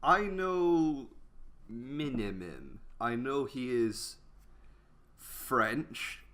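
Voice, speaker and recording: A man's voice: medium pitch, lively intonation, extremely slow, fairly bright tone. A young man co-hosting a casual film podcast, offhand and loose, swearing and trailing off mid-thought. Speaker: podcast co-host. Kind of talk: casual chat.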